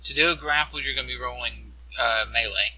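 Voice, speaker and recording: A man running a tabletop game as game master, narrating scenes and explaining rules in a halting way over voice chat. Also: medium pitch, pushed and bright, rough recording.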